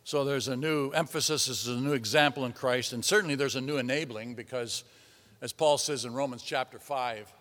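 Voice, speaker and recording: A man preaching a sermon, lively and conversational, swinging between loud emphasis and hushed asides and repeating words as he goes. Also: medium pitch, fairly quick, long reverb tail.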